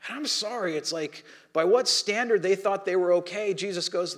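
A man preaching a sermon in a conversational, animated way, acting out the people he quotes. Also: high-pitched, moderate pace, few pauses. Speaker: pastor.

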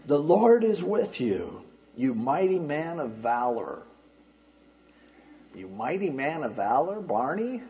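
A man's voice: on the high side, darkish tone, rough recording. A man pastor preaching an expository sermon, explaining in a conversational way with wry asides.

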